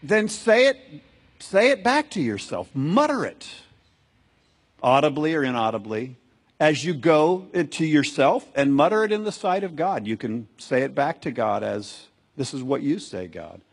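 A man's voice: a little high, big pitch swings, a little slow, breathy edge. A man preaching a sermon as a pastor, earnest and exhorting, repeating phrases for emphasis.

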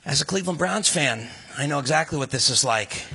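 A man preaching a sermon in a conversational, animated way, full of rhetorical questions. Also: on the high side, a little fast, slightly rough. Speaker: pastor.

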